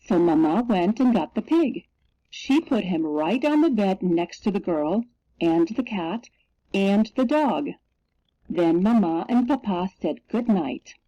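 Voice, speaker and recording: Woman storybook reader, lively pitch, slightly raised voice, dry close sound. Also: no echo. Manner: slow, expressive storytelling. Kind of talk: reading a picture book aloud. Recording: dull lo-fi recording.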